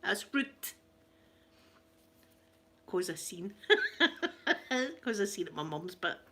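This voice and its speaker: A woman's voice: mid-range voice, very animated, takes it slowly, pushed and bright. A middle-aged Scottish woman hosting an ASMR channel, chatting casually and telling family stories, often laughing and acting out quoted voices. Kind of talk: casual storytelling chat.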